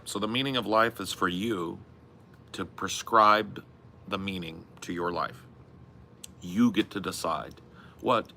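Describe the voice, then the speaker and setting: A man with a deep, gravelly voice and a sharp, forceful edge rambles on a podcast. His talk is casual, profane and exasperated, full of restarts. A faint hiss runs under the recording. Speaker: podcast co-host. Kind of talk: casual comedic rant.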